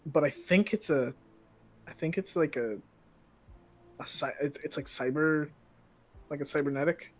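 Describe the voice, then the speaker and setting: A man's voice: on the high side, a little slow, pauses often, poor audio. A man playing a tabletop game, chatting casually with fillers and restarts. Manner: rambling, full of fillers and swearing. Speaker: player.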